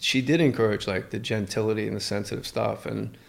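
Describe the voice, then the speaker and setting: A man chatting as a guest on a podcast, rambling and joking, slipping into quick put-on voices. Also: fairly low pitch, steady tone, gravelly. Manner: rambling, jokey, acts out voices in quick asides. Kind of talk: casual chat.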